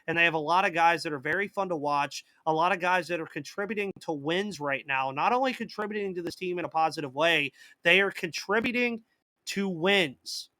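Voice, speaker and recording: A man's voice: a little high, fast talker, hardly any pauses, bright, forceful tone, dry recording. A man hosting a live sports podcast in casual chat, reading out viewer comments and answering them, with a slight cough. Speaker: podcast host.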